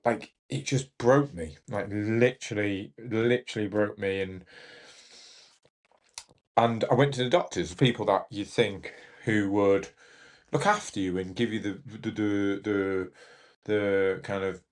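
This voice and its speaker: A young man, telling his story as a podcast guest, halting and emotional with many restarts. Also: fairly low pitch, fairly even intonation. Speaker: podcast guest, Paralympic judo athlete. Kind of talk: candid storytelling in an interview.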